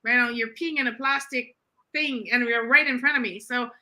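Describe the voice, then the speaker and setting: Middle-aged woman, animated conversational storyteller, high and piercingly bright tone. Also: moderate pace. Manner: animated, acts out quoted voices in her stories. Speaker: author and guest on a talk show.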